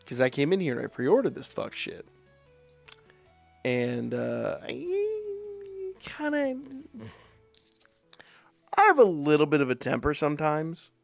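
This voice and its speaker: A man streaming live, telling a profane, animated story in a casual way. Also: a little high, slow, vocal fry, pauses often, faint music behind. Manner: profane, animated anecdote with quoted voices.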